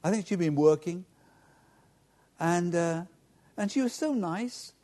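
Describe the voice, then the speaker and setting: A man's voice: high voice, animated, slow, warm tone. A man, a pastor preaching a sermon directly and earnestly to his congregation.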